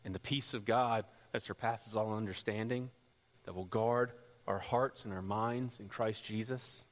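A man preaching a sermon as pastor, rising into loud, impassioned passages. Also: steady tone, unhurried. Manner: builds to loud, high-pitched pleading passages. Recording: long hall reverb.

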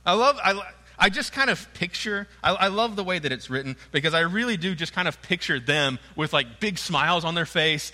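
A man's voice: high voice, animated, moderate pace, few pauses, sharp tone. A man preaching a sermon in an earnest, emphatic and conversational way. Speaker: pastor. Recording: long hall reverb.

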